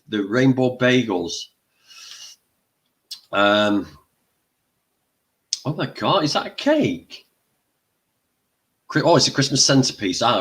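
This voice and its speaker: Slow-talking older man hosting. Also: mid-range voice, fairly bright tone. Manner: chatty, exclaiming, eats while talking. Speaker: livestream host. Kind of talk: casual livestream chat.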